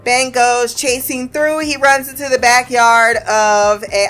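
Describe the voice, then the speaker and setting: A chatty woman with a slightly high voice walks through a TV episode in a casual recap. She swears freely and acts out the characters' lines, often laughing as she goes. Soft music plays faintly underneath. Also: flat delivery, moderate pace, hardly any pauses. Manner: laughs often while retelling.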